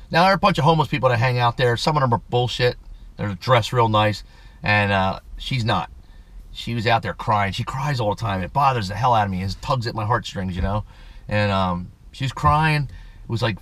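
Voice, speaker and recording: A man's voice: lowish voice, fairly bright tone, no room sound. A man hosting his own vlog, talking in a loose, rambling way, ranting and swearing, then apologizing. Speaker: channel host. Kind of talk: casual rambling vlog talk.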